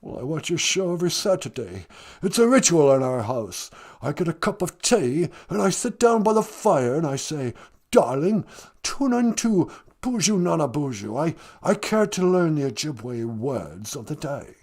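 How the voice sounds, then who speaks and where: A man's voice: on the high side, sing-song, normal speed, darkish tone. A man doing a stammering, fussy English prince. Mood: wistful. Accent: put-on English. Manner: hesitant, stammering, fussy and proper. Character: comic impression of a fussy English prince, male, young adult.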